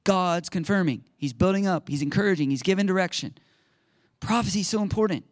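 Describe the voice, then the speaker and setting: A man preaching in a church, with an animated, chatty storytelling manner. His voice sits a little high for a man. The sound is dry and close, with little room echo. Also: fairly quick. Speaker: pastor. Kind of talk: sermon. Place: church sanctuary.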